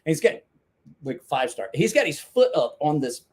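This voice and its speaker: Male storyteller with a raised, animated voice; swears freely and rambles through his anecdote. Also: on the high side, moderate pace, breathy edge. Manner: profane, rambling anecdote with laughs. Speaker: storyteller guest. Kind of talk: casual storytelling chat.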